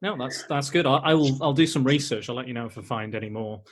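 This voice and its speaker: A man's voice: mid-range voice, fast talker. A man hosting a podcast, chatting casually and rambling with many fillers and restarts. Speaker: podcast host. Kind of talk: casual chat.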